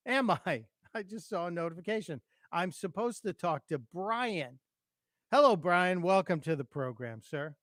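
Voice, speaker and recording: A middle-aged man filling in as host of a call-in radio show, chatty and quick to laugh, apologizing for technical glitches. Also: high-pitched, expressive, a bit bright, dry recording, clean studio sound. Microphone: studio microphone.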